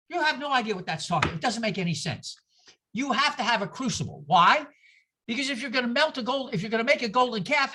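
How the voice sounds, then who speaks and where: Woman, lively lecture, sarcastic, conversational teaching, somewhat high pitch. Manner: animated, acts out voices with exaggerated outbursts. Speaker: speaker giving a talk on scripture.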